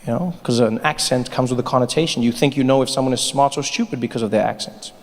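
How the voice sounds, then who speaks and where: A man performing an animated stand-up comedy set who slips into playful voices. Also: medium pitch, fast. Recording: live hall with loud crowd.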